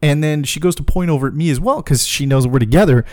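A man hosting a podcast, telling a comic personal story in a profane, animated way, laughing as he goes. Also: fairly high pitch, fast talker, no echo, clean studio sound. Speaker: podcast host.

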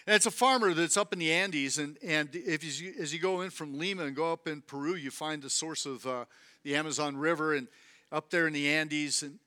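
A man preaching a sermon as a guest speaker, animated, repeating phrases for emphasis and calling on the congregation to respond. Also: a little high.

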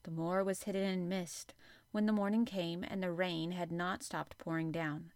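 A woman hosting a podcast, reading a classic novel aloud in measured storytelling narration. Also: on the low side, little pitch movement, a little mellow, no room sound, studio quality. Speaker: podcast host and reader.

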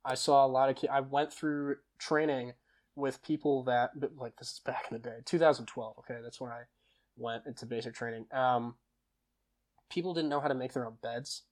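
A young man, a podcast guest, telling stories in a relaxed, chatty way, often trailing off and restarting his sentences. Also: medium pitch, moderate pace. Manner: lively storyteller who laughs and acts out quoted lines; casual, with frequent fillers and self-corrections. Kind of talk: conversational storytelling.

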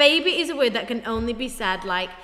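A woman's voice: a little high, expressive, moderate pace, bright, forceful tone, big-room sound. A young woman co-hosting a podcast, chatting casually and playfully, slipping into mock voices. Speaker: podcast co-host. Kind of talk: casual chat.

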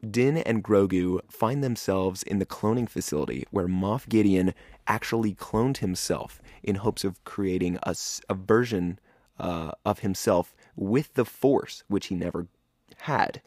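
A man with a fairly low voice hosts a podcast and recaps an episode in a loose, excitable way. He peppers his talk with slang like "dude". The sound is dry and close, with no room echo. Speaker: podcast host.

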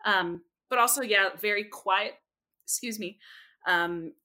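A young adult woman, a speech therapist, telling stories in an animated, expressive way as a podcast guest. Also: mid-range voice, a little slow. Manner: animated, expressive, jumps into quoted voices. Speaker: speech-language pathologist guest. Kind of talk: lively storytelling in a podcast interview.

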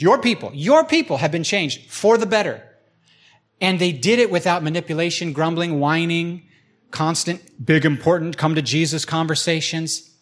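Pastor, male, a little high-pitched, a chatty sermon delivery that acts out scenes. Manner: conversational, acts out imagined voices.

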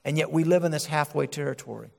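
A male pastor preaching a sermon, animated and acting out the voices he quotes. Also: on the high side, fast talker, vocal fry, in a large hall.

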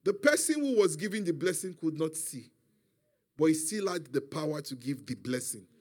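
A man's voice: fairly high pitch, expressive, normal speed, a little mellow, breathy edge. A man preaching a sermon, emphatic and calling out for responses from his listeners.

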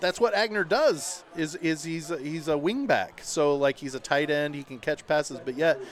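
A man doing play-by-play commentary for a local high school football radio broadcast, chatty and rising with excitement on big plays. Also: moderate pace. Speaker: play-by-play announcer. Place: outdoor stadium broadcast booth.

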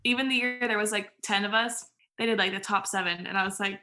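A woman's voice: medium pitch, little pitch movement, fast, gravelly, hardly any pauses, sharp tone. A woman guest on a podcast, telling stories in casual chat, full of "like" fillers and laughing as she goes. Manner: chatty, filler-heavy storytelling with frequent laughs.

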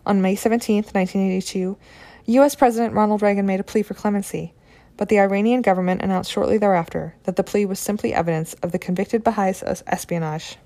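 Woman narrating in a measured, sober tone. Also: mid-range voice, steady tone, mellow. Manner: measured, sober reading with quoted testimony. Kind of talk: scripted documentary narration.

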